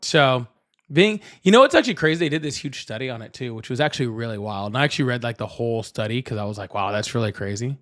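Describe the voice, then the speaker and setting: A man's voice: mid-range voice, lively intonation, fast talker, a bit bright. Man chatting loosely on a livestream. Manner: rambling, repeats himself, talks straight to chat. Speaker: livestream political debate host. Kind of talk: casual livestream chat.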